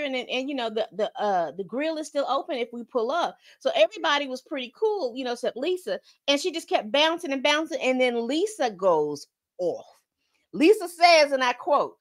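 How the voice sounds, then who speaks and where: A woman hosts a casual podcast recap of a TV episode. Her voice sits somewhat high, and she tells the plot like gossip among friends. She slips into the characters' lines as she goes. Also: brisk. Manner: animated storytelling, acts out quotes, calls listeners "baby".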